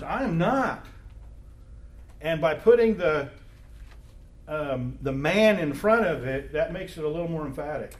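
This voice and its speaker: A man teaches an informal Bible class in a room with a noticeable echo. His voice sits fairly high for a man, and he keeps turning to the group with questions in a loose, conversational way. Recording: echoey room.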